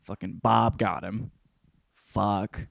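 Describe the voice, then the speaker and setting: A man's voice: fairly low pitch, slow, creaky, no echo. Profane rambling man, dry sound. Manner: profane, rambling, animated storytelling. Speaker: podcast host. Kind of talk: casual solo book-review monologue.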